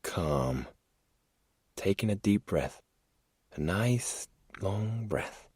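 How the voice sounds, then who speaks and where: A man voicing a sick, soft-spoken male killer who lisps and talks in a coaxing, eerily gentle way. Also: medium pitch, expressive, unhurried, no room sound, studio quality, pitched above the performer's own voice, natural voice. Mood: soothing. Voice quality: lisp.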